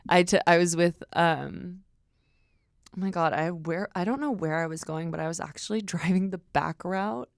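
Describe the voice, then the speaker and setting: Low, gravelly young woman guest, casual storyteller who swears and quotes people, dry close mic. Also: normal speed, no echo. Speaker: podcast guest. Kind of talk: casual chat.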